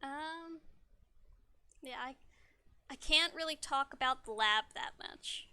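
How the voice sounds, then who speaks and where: Bubbly young woman streamer chatting away, trips over words a lot, high crisp voice. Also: slow, pushed and bright. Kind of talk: casual livestream chat.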